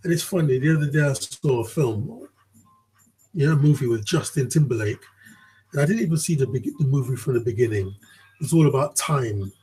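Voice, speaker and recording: A very husky, raspy man with a dark, mellow tone talks through a casual commentary vlog. He rambles, swears freely and keeps checking in with the listener. The delivery is loose and conversational. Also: medium pitch, animated, fairly quick, soft background music, low-quality recording. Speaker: vlogger.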